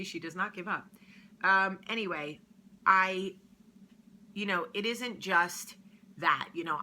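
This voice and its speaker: A woman in her thirties chatting casually as a vlog host, telling stories with lively shifts between murmurs and loud bursts. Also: deep voice, a little hiss or hum. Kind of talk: casual confessional chat.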